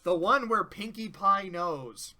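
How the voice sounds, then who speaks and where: Bright-voiced man swearing through excited reviews. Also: sits high, slow pace. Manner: excitable, swears freely, laughs often. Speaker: tier list reviewer. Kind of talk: casual review commentary.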